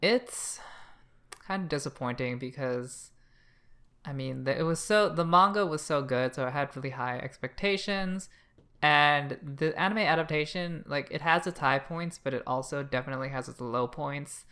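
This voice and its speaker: A man's voice: fairly high pitch, normal speed, sharp tone. A man from Canada co-hosting a casual podcast review chat, blunt and sarcastic, swearing freely. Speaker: podcast co-host.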